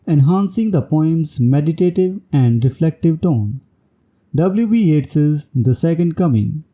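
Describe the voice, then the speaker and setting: Dark-toned man giving a scripted lecture. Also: a little high. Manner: formal, reads out section headings. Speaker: English literature lecturer.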